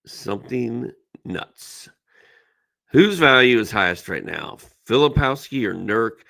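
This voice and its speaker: Middle-aged man, live-stream Q&A host, bright forceful tone, blunt emphatic answers. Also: lowish voice, creaky. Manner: reads viewer questions aloud, then gives blunt, emphatic advice. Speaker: fantasy basketball analyst hosting a live Q&A.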